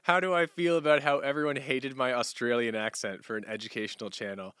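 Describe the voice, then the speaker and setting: Young male streamer, bright and crisp tone, dry close sound, loose, chatty and laughing. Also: mid-range voice, fairly quick, no echo. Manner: relaxed, rambling, laughs often. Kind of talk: casual livestream chat answering viewers.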